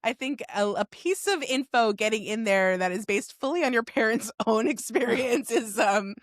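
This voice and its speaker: Relaxed woman co-host, slightly high voice. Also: moderate pace, dry recording, clean studio sound. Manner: relaxed, joking, hesitant fillers. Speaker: podcast co-host. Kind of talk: casual chat.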